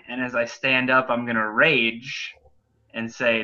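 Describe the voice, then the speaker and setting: A man's voice: mid-range voice, steady tone, unhurried, sharp tone. A man playing a tabletop game, speaking in an offhand, slightly hesitant way as he decides his move. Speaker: player. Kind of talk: casual in-character play. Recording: dull lo-fi mic.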